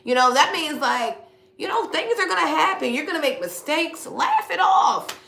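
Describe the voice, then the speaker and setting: A woman's voice: high-pitched, sing-song, moderate pace, gravelly, bright, forceful tone, echoey room, a little hiss or hum. A middle-aged woman giving a casual spiritual reading to viewers, blunt and preachy, with slang and swearing. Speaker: spiritual reader.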